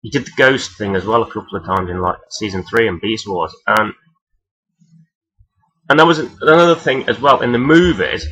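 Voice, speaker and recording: A man talking casually and rambling as he counts down his favourite characters, swearing freely and filling pauses with "um". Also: mid-range voice, sharp tone, rough recording. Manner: rambling, profane, many fillers. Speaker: vlogger ranking toy robot characters. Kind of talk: casual unscripted countdown talk.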